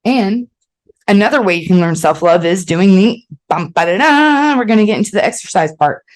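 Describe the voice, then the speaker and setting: Woman podcaster, kinda low voice, blunt and chatty, cusses a lot, keeps saying okay?. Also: brisk. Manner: blunt, animated, swears freely, checks in with "okay?". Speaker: podcast host. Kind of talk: casual motivational monologue.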